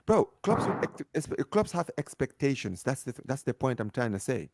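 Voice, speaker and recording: A man co-hosting a casual football debate over an online call, animated and emphatic, often asking if you understand what he's saying. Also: medium pitch, moderate pace, dry recording, studio quality. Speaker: football podcast co-host. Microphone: home mic over internet call.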